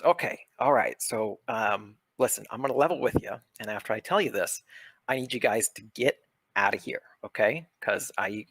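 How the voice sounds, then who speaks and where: A man voicing a shady, fast-talking alien weapons shop owner in a tabletop game, nervous and conspiratorial. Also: mid-range voice, a bit bright, slightly rough, dry recording.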